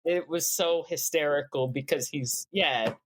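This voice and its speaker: A woman's voice: deep voice, unhurried, slight background noise. Chatty, enthusiastic woman. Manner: chatty, enthusiastic, laughs often. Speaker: podcast guest. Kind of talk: casual chat.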